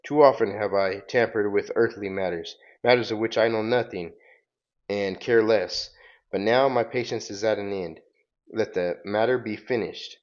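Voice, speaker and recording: A man's voice: fairly low pitch, normal speed, lo-fi sound, lightly acted. A man reading as a stern cosmic hero. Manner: formal, solemn delivery.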